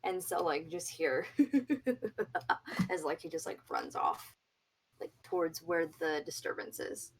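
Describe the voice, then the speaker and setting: A woman describes her character's moves in a tabletop game, taking her time with plenty of likes. Her fairly low voice comes from a little away from the mic. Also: lively intonation, recorded from a distance. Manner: unhurried, many fillers. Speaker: player. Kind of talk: describing player actions.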